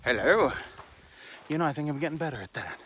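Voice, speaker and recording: A man's voice: on the high side, expressive, fairly quick, noisy background. A tired, slightly winded man talking casually to his camera while hiking outdoors on a trail, rambling and self-deprecating, with the odd swear word. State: tired and out of breath. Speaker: hiking vlogger. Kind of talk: casual walking vlog. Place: outdoors on a desert mountain trail. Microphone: handheld camera while walking.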